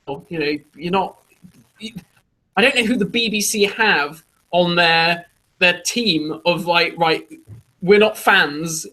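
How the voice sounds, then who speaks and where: A man's voice: high-pitched, normal speed, bright, forceful tone, rough recording. A man co-hosting a casual chat show, telling loose stories with laughter and swearing. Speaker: podcast co-host.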